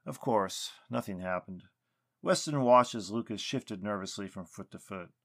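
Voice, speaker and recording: A man narrating a story in an expressive reading style. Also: on the low side, normal speed.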